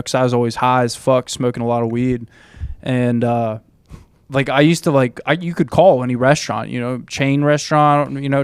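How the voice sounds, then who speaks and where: A man's voice: medium pitch, smooth, no room sound. A young man telling loose, rambling stories on a podcast, full of fillers and swearing. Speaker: podcast host. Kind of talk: casual storytelling chat.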